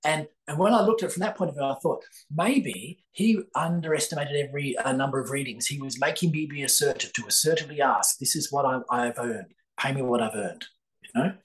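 An older Australian man, a psychic author appearing as a podcast guest, tells a long story full of fillers and restarts. His medium-pitched voice moves briskly, and the recording is rough.

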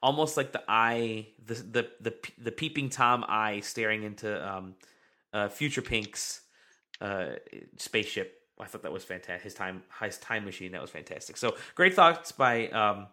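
A man with a lowish voice runs a podcast, rambling casually, leaning on fillers and reading out comments from listeners. His delivery is pushed and bright at a moderate pace.

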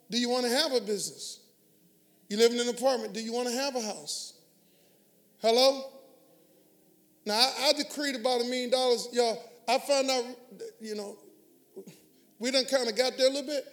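Pastor guy, real high voice for a man, emphatic preaching, keeps calling on the crowd to answer. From Houston area, US. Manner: emphatic call-and-response preaching. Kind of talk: sermon.

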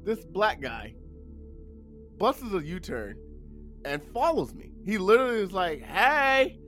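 A man co-hosting a podcast, telling a story in casual chat and loudly acting out his own quotes. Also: high voice, very animated, unhurried, soft background music. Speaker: podcast co-host.

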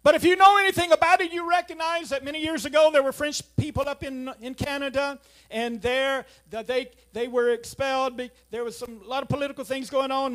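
A man preaching a sermon, telling a family story, then driving home points with loud emphasis and quiet asides. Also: very high voice. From South Louisiana.

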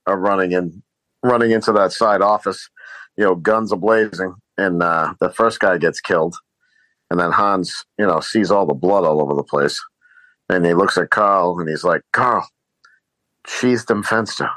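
A male podcast co-host in casual movie chat, retelling scenes with halting fillers. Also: low-pitched, steady tone, a bit bright, dry recording, rough recording.

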